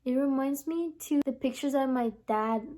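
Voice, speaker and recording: Chatty young woman vlogger, mellow voice. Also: high-pitched, normal speed. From from abroad, lives in the US. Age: young adult. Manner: chatty, rambling, lots of "like" and "honestly". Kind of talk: casual vlog chat to camera.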